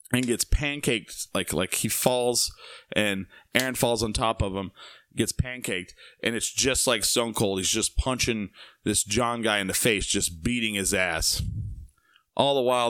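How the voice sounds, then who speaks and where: A man's voice: fairly low pitch, sharp tone, no echo. A young man telling a rambling party story casually, full of fillers, asides and swearing.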